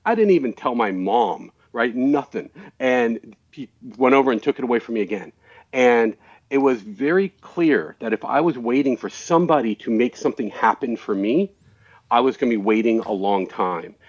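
A man's voice: mid-range voice, expressive, normal speed, a little mellow. A man telling a career story on a video call, quoting the people involved. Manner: storytelling, quotes people in conversation. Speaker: panelist. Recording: dull lo-fi call audio.

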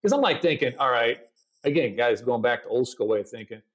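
A man's voice: medium pitch, lively intonation, brisk. A middle-aged man, a podcast guest, telling a story in casual interview talk and acting out his own quoted lines. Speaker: podcast guest, agency founder.

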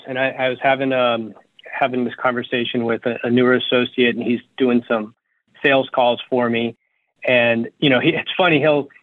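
A man who owns a law firm, talking as a guest in an interview in an energetic, practical way and repeating words while he thinks. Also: mid-range voice, no echo. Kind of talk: interview conversation. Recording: tinny phone-like line, dry.

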